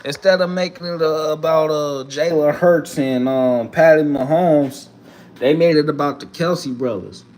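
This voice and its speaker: A man giving a profane, animated sports rant from home in a casual vlog, swearing and laughing often. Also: on the high side, a little slow, slight background noise. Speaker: vlogger. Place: home room.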